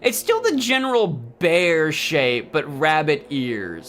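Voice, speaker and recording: A man's voice: fairly high pitch, big pitch swings, takes it slowly, fairly bright tone. A male let's play host who reads the game's dialogue aloud and jokes between lines in a playful way. His voice swings up and down a lot, with game music faint in the background. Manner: playful, joking, reacts with bursts of laughter.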